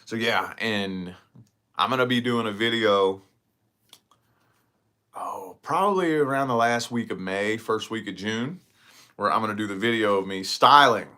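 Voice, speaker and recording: A man chatting casually to camera in his vlog, rambling and profane as he tells stories. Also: fairly low pitch. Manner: rambling, profane, animated storytelling. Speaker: vlogger.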